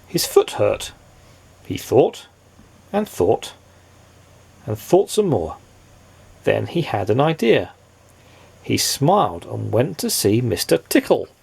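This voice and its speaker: A man reading a children's storybook aloud in a playful, expressive way, asking the listener questions. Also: medium pitch, slow, creaky, pauses often, husky.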